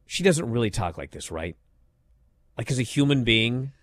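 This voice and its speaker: A man co-hosting a casual podcast, ranting in an animated, exasperated way and mocking lines by reading them aloud. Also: medium pitch, normal speed, dry recording. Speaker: podcast co-host. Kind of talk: casual wrestling discussion.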